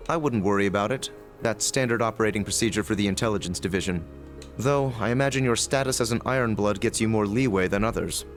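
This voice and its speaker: A man voicing a composed young nobleman in a video game, speaking in a measured, dry way. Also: fairly low pitch, soft background music, close to an everyday voice.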